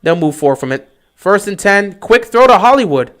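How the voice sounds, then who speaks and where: Excitable high-voiced male sports fan. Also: normal speed. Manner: excitable, talks straight to his team. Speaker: fan livestream host. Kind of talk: fan play-by-play commentary.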